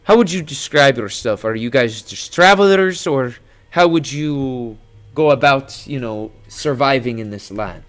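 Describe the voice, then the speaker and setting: Dude doing a calm priest, measured, asks questions, kinda quiet. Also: male voice, medium pitch, natural voice. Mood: earnest. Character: middle-aged male village priest, calm and measured.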